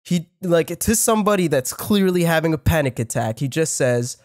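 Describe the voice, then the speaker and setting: A man's voice: fairly high pitch, lively intonation, moderate pace, a little mellow, no room sound, studio quality. A young man on a podcast, telling a personal story in casual chat, rambling with many fillers, restarts and swearing. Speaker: podcast co-host.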